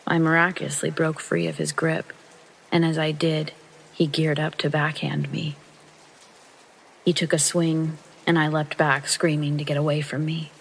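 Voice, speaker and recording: A man narrating a true first-person horror story in a calm, steady storytelling read, with rain behind him. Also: a little high, normal speed, creaky, breathy edge, rough recording. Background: rain sounds.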